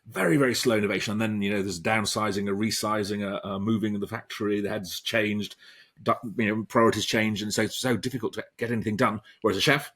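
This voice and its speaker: A professor talks through an interview in a loose, rambling way, often restarting his sentences. His voice sits low and has a husky edge. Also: fairly even intonation, fast talker, a bit bright. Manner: rambling, many ums and restarts. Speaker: professor and author, interview guest. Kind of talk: conversational interview answers.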